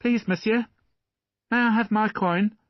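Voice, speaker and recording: A man's voice: sits high, steady tone, measured pace, no echo, highs cut off, pitched above the performer's own voice. A man voicing a poor ten-year-old chimney-sweep boy who pleads and cries out for his coin, in an audiobook. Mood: pleading. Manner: pleading, then crying out shrilly.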